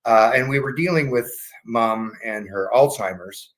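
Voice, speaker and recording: A man's voice: medium pitch, a little slow, soft background music. A man casually telling a personal story, swearing freely and acting out the voices of the people in it. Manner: animated, acts out voices in his story, frequent restarts.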